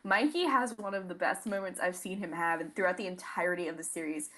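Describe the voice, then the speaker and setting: A young woman co-hosting a fan podcast, gushing excitedly in casual chat, filling her talk with "like". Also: fairly low pitch, fast. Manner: gushing, excitable, many "like" fillers. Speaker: podcast co-host.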